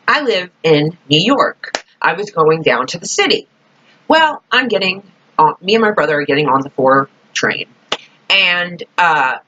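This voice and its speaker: A woman's voice: sits low, sharp tone, slightly rough. A woman vlogging casually, telling rambling stories with frequent swearing and "like". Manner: rambling, profane, full of "like". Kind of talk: casual storytelling vlog. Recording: dull lo-fi recording.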